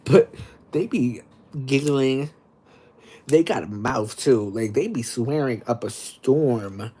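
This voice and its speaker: A livestream host telling a story in an animated, dramatic way, with sudden squeaky high exclamations. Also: male voice, takes it slowly, breathy edge. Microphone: streaming setup.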